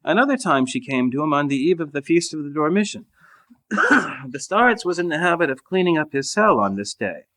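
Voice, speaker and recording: Man reading a saint's life aloud. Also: a little high. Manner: measured, even reading with small slips. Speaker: reader. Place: monastery refectory during a meal.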